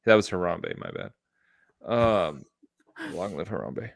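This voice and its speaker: Man co-host, low voice, deadpan jokes, casual banter. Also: creaky, no room sound, studio quality. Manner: deadpan quips, quick asides. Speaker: podcast co-host.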